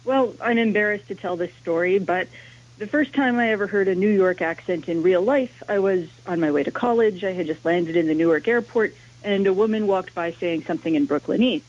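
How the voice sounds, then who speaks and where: A woman's voice: medium pitch, a little fast, darkish tone. A woman academic, a language historian, explaining her subject as a radio interview guest. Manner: explanatory, lecturing. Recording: dull lo-fi radio sound.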